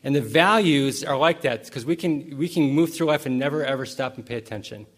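A man's voice: medium pitch, brisk. A middle-aged man preaching a sermon as pastor, telling a long, rambling, self-mocking story full of restarts before turning to prayer.

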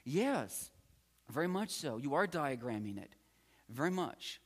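A man's voice: fairly high pitch, very animated, unhurried. A man giving a patient, encouraging classroom lecture as a Greek teacher, often repeating key words. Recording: long hall reverb.

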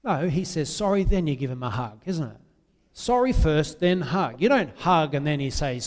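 A man preaching an impassioned sermon, swinging between loud, drawn-out pleas and quiet, confessional asides. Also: on the high side, very animated, in a large hall.

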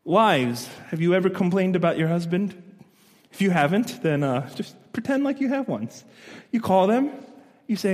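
A male pastor preaching a sermon, animated and storytelling, asking his listeners questions, in a church hall. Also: high-pitched, normal speed. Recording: long echo of a large hall.

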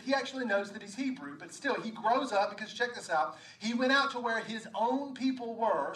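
A man preaching a sermon as pastor, animated and acting out scripture dialogue, with frequent repeated words, recorded from a distance in an echoey room. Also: high-pitched.

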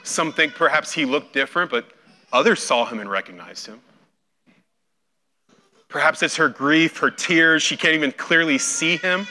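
Bright-voiced male preacher. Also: mid-range voice, slight background noise. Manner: storytelling, acts out quoted voices with big swings in loudness. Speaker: pastor. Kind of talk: sermon.

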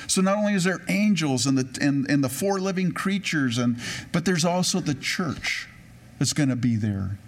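A man preaching a sermon in a casual, conversational way. He mixes everyday stories with scripture, and he slows down deliberately whenever he reads a verse aloud. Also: mid-range voice. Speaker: pastor.

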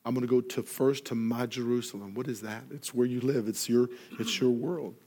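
Man, pastor, sermon, storytelling, acts out voices, loud then hushed. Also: medium pitch, brisk. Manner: animated storyteller, acts out dialogue, grows loud in excitement; drops soft and quiet for earnest moments.

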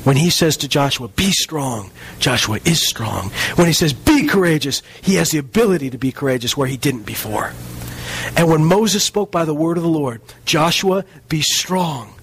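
A male preacher giving a sermon, reading scripture aloud and stressing key words with slow, dramatic pauses. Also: fairly high pitch, expressive, husky, low-quality recording.

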